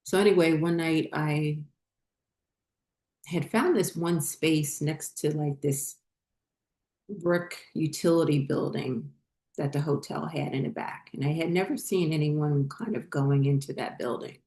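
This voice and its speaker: A woman's voice: sits low, measured pace, warm tone, echoey room. A woman hosting a spiritual channel, telling a personal story in a rambling, casual way with many fillers and restarts.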